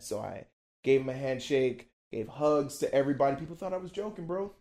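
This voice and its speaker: A podcast guest in his thirties, telling stories with an animated, slangy manner. He repeats words for emphasis and speaks casually at a middling pitch. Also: fast. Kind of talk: casual storytelling.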